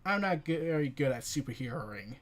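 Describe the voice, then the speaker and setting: Brief: a sheepish antiheroine, put on by a reviewer, low and mumbled, trailing off. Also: lively intonation, brisk, close to an everyday voice. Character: awkward, flat-voiced female antihero.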